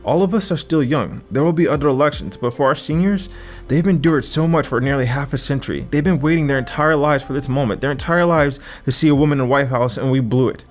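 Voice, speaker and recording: A man's voice: mid-range voice, fast, natural voice. A man voicing a cold, arrogant woman conspirator with a clipped, dismissive way of talking in an audiobook. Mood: scornful. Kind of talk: audiobook character voice.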